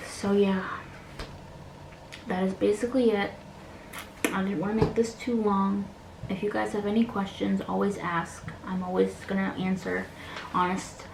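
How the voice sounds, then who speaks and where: A woman, talking earnestly and haltingly in a personal vlog, close to tears and sometimes dropping to a soft whisper. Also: medium pitch, flat delivery, gravelly. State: near tears. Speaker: beauty vlogger. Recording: echoey room with faint noise.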